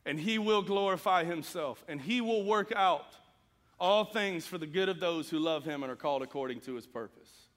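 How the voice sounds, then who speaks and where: A man's voice: fairly high pitch, moderate pace, fairly bright tone, long reverb tail. A man preaching a sermon, earnest and emphatic as he reads scripture and speaks to the congregation. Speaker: pastor.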